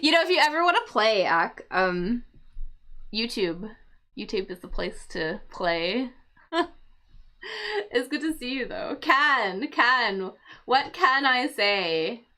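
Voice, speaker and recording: A woman's voice: on the high side, very animated, takes it slowly, pauses often, bright, forceful tone. A woman hosting a casual crossword livestream for English learners, thinking aloud and explaining word meanings patiently.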